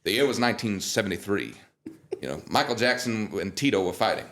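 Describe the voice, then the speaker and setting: A man's voice: fairly low pitch, expressive, brisk, a bit bright. A man imitating an older male star singer who tells grand, rambling stories. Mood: grand, folksy.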